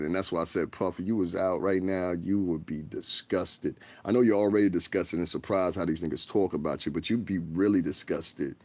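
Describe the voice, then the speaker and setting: Low-voiced man ranting frankly. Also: fairly bright tone, dry recording. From United States. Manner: frank, profane, rambling. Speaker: livestream host. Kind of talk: casual livestream rant. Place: bedroom. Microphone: tablet.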